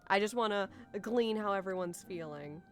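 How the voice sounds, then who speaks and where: A woman's voice: mid-range voice, normal speed. A woman streaming playful, cursing casual chat. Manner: playful, swears freely, laughs often. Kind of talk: casual chat while gaming.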